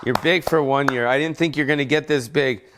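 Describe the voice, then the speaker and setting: A man's voice: medium pitch, fairly even intonation, a little fast, noisy background. A man hosting his own podcast, rambling profanely and jokingly in an unplanned rant at home. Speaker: comedian podcast host. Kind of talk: casual unscripted rant.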